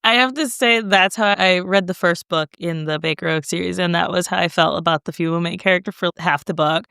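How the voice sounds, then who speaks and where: A woman's voice: on the low side, fairly quick, creaky, a bit bright, clean tone, no echo, studio quality. A woman hosting a podcast interview in a casual chat, talking expressively and laughing readily. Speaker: podcast host.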